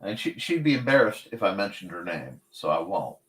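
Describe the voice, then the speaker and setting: A man's voice: deep voice, big pitch swings, fairly quick. A man hosting a casual live stream, chatting while he draws and talking to his cats in a sing-song voice. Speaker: host.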